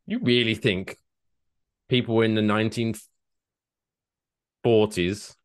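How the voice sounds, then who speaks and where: A man from England co-hosting a comedy podcast, telling stories in a lively, jokey way and slipping into silly voices. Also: on the low side, takes it slowly, clear, resonant tone. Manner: animated, slips into silly put-on voices. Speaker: podcast co-host. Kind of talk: comedic storytelling chat.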